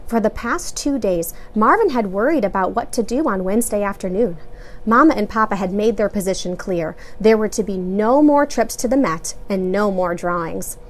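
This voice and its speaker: A woman teacher reading a children's novel aloud in an expressive way. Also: mid-range voice, normal speed. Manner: expressive, animated read-aloud.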